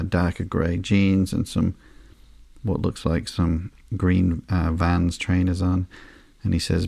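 A man hosting a sleepy podcast, reading through a comic slowly and flatly with frequent ums and uhs. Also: low voice, gravelly, no room sound, studio quality. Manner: slow, flat and unhurried, with frequent ums and uhs. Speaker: podcast host.

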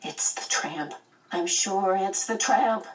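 A woman's voice: a little high, moderate pace, recorded from a distance, voice pushed up, close to an everyday voice, rough recording. A woman voicing a jumpy, anxious teenage girl who talks nervously and wails. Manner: nervous, wailing.

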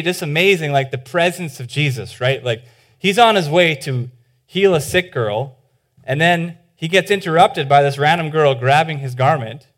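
A pastor giving a sermon in an informal, animated way. He often says "like", restarts his sentences and acts out the voices in the stories. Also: fairly high pitch.

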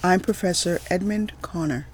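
A man's voice: sits high, moderate pace, a little hiss or hum, lightly acted. A man reading aloud voices a polite, hesitant Scandinavian professor, close to his own voice. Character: shy, nervous Scandinavian male professor.

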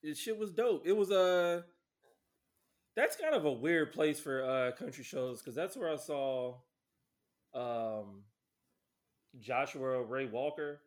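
A man talks slowly in a slightly high voice, relaxed and profane. He fills his casual chat with pauses and fillers. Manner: laid-back, profane, many fillers.

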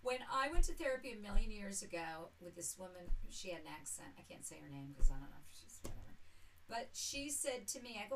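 A woman's voice: medium pitch, big pitch swings, quick pace, fairly bright tone, slight background noise, low-quality recording. A mother chatting on a podcast as a guest, telling rambling stories with wry, blunt remarks. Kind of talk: casual podcast chat.

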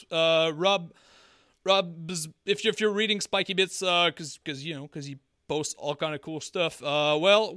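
Male co-host with a French accent, high and bright, loose rambling banter, dry close mic. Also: clear, resonant tone, dry recording. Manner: rambling, joking, many fillers and restarts. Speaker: podcast co-host. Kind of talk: casual chat.

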